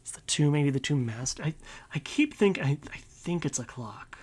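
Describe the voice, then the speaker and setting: A man's voice: a little high, animated, moderate pace, breathy edge. A man streaming a visual novel, reading narration aloud and rambling casually with light swearing. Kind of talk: let's-play commentary and reading aloud.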